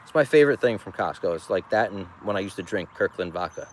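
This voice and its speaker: A man's voice: low-pitched, expressive, fast. A man, a farmer selling goods at a roadside stand, chatting casually and joking on a livestream, rambling and often laughing. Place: outdoors beside a busy road. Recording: traffic noise outdoors.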